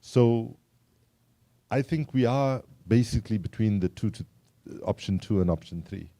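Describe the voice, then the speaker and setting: A man's voice: on the low side, unhurried, mellow. A man from South Africa with a South African accent, giving a public talk to a live audience in a wry, engaging way and polling the crowd with questions. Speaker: climate activist speaker.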